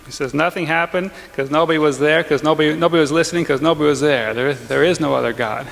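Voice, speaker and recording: A male pastor giving a lively, conversational sermon with quick asides and chuckles, in a church. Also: fairly high pitch, creaky. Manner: energetic, conversational preaching with frequent asides and laughs. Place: large church. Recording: long hall reverb in church.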